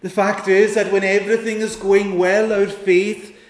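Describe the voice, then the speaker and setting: A man preaching an earnest sermon, pleading with his listeners and pausing for effect. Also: high-pitched, flat delivery, echoey room. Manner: earnest, pleading, with dramatic pauses and quoted prayers.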